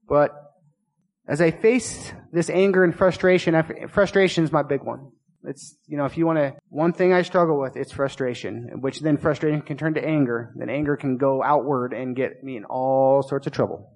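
A man's voice: on the high side, steady tone, normal speed, darkish tone, long reverb tail, poor audio. A man preaching a sermon as pastor of a small church, earnest and confessional, often repeating himself, just getting over being sick. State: recovering from illness.

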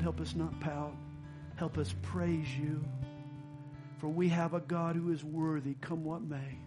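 A male pastor preaching with emphasis and a slightly raised voice, calling the congregation to answer him. Faint music plays softly behind him. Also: on the high side. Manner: emphatic, rising to calls for congregation response. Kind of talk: sermon and closing prayer.

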